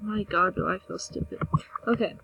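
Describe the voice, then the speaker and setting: A woman's voice: medium pitch, fairly even intonation, normal speed, gravelly, pushed and bright, husky, muffled recording. A young woman giving casual, chatty commentary over a game she is playing, mocking herself and now and then dropping into a whisper. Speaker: gameplay video maker.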